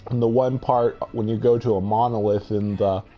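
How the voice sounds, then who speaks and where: A man's voice: mid-range voice, level tone, a little fast, muffled recording, soft background music. A man giving musing, hesitant commentary over his own space exploration gameplay, trailing off and restarting his thoughts. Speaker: game video host.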